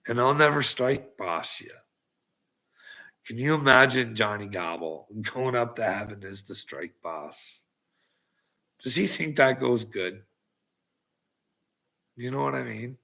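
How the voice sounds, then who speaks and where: Guy ranting and mocking people online, slow lively pitch, raspy tense voice, swears a lot and laughs. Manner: taunting and mocking, laughing often; profane. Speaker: online video creator. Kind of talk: ranting monologue to critics.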